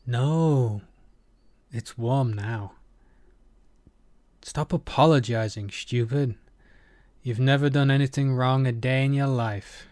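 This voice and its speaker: A man's voice: mid-range voice, slow, long pauses, darkish tone, no echo, natural voice. Man voicing a cocky, crude young tough guy. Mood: teasing. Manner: teasing, crude, defiant. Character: cocky roguish young man, sharp-tongued.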